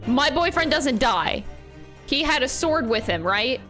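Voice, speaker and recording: A woman's voice: high voice, lively intonation, a little slow, fairly bright tone, faint music behind. A woman streaming a video game, reacting dramatically and reading the game's dialogue aloud. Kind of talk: game let's play commentary.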